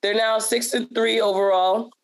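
A woman hosting a sports podcast, her voice a little raspy and hoarse as she leads the chat in a relaxed, upbeat way. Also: a little high, normal speed. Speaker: podcast host.

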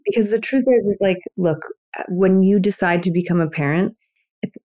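A woman's voice: medium pitch, moderate pace, dark tone. A pregnant woman in her thirties, a podcast guest, talking in a reflective, laid-back way with many fillers. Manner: reflective, laid-back, lots of "you know". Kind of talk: casual chat.

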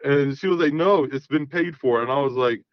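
A man's voice: medium pitch, brisk, no echo, muffled recording. A man in his thirties telling a long personal story in casual chat, rambling and often saying "you know what I mean". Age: 30s. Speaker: guest.

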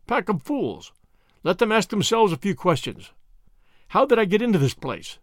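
A man's voice: high voice, sing-song, moderate pace, no room sound, studio quality, voice pushed up. A man voicing a cocky, flippant young Englishman. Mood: scornful. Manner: confident, mocking. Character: cool, flippant young Englishman bluffing captors.

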